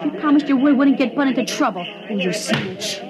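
A woman playing an excitable young boy who pleads and chatters, in a 1950s radio drama. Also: a little high, fairly quick, crowd noise, natural voice. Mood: eager. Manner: excitable, pleading kid talk. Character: eager young boy, stowaway's pal. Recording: dull 1950s radio broadcast, faint music.

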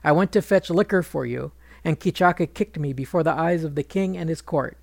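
A man voicing a proud queen who is furious and grieving, speaking bitterly in his gravelly storytelling voice. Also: fairly high pitch, a little fast, no echo. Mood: indignant. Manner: bitter, accusing speech.

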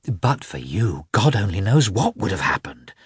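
A man reading the part of an emotional, tearful young noblewoman, his voice lifting high and tremulous as she confides. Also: big pitch swings, moderate pace, breathy edge, no room sound, clean studio sound, heavily acted. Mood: earnest, tearful.

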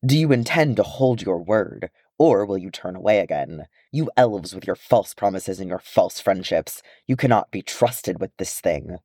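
A proud dwarf king, as a man reads him, stern and forceful. Low and dark, recorded close and dry. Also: expressive, normal speed, hardly any pauses, no echo.

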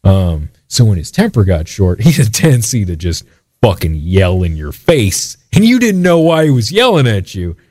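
A man's voice: lowish voice, sing-song, normal speed, a little mellow, no room sound. A middle-aged man telling a long personal story in a casual interview, rambling and swearing freely, with many fillers and restarts. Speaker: artist guest on a metal radio show.

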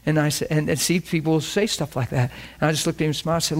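A man delivering a sermon. His voice sits a little high, and he tells stories, playing every person in them himself. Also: steady tone, very fast, few pauses. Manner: storytelling, acting out both sides of conversations. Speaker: preacher. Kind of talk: sermon with acted-out anecdotes.

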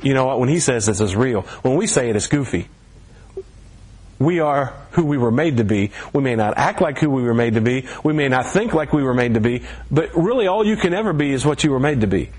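A man's voice: mid-range voice, lively intonation, brisk, darkish tone, slightly rough. A middle-aged man preaching a sermon in a church, talking in a conversational way and lifting his voice for emphasis. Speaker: pastor. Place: church sanctuary.

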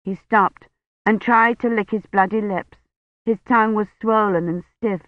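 A narrator reading an audiobook in a measured, unhurried storytelling manner. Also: mid-range voice, fairly even intonation, dry recording, phone-quality sound.

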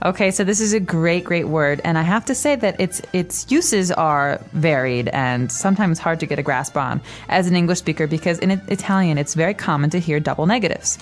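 A woman with a fairly low voice co-hosts a language lesson podcast. She explains grammar clearly and laughs easily, over soft music that plays faintly in the background. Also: a little fast, few pauses. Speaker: co-host, language teacher.

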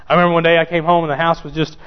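A man preaching with a fairly high voice, driving his points home by repeating them. He speaks straight to the men in the pews. The recording is dull and rings with long church reverb. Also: level tone, very fast, smooth. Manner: emphatic, repeats key phrases, addresses listeners directly. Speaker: pastor. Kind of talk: sermon.

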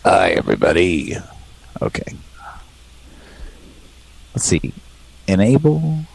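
A man's voice: deep voice, sing-song, slow pace, gravelly, darkish tone, breathy edge, poor audio. A man hosting a live stream, laid-back, laughing often and thinking aloud. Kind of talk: casual live-stream chat.

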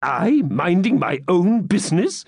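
A man's voice: sing-song, unhurried, husky, dry recording, heavily acted. A man voicing a scheming, angry medieval Norman noble who speaks sharply and impatiently. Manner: sharp and impatient, voice raised higher.

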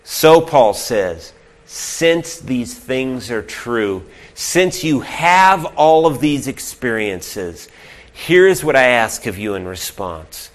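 Here a male pastor at medium pitch takes his sermon slowly, his pitch swinging widely. He earnestly questions his listeners directly and alternates booming emphatic points with near-whispers.

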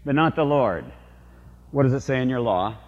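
A man's voice: medium pitch, animated, normal speed, long reverb tail, dull audio. An older man, a priest, preaching a sermon in a storytelling, confessional way, asking the congregation rhetorical questions.

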